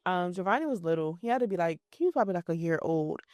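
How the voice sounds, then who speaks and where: Animated woman telling family stories. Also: fairly low pitch, quick pace, dry recording, studio quality. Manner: animated storyteller, acts out quotes in lively voices. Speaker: podcast co-host. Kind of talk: casual chat.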